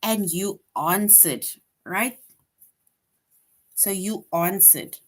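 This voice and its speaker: With a mid-range voice, a woman teaches little kids at a patient, unhurried pace. She reads example sentences aloud, emphasizing them, and checks in again and again with "right?"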